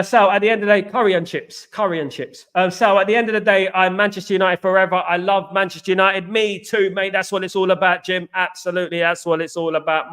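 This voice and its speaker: Reading out and replying to viewer comments, this live stream host jokes and rambles, returning to his catchphrases again and again. He has a high, somewhat bright voice.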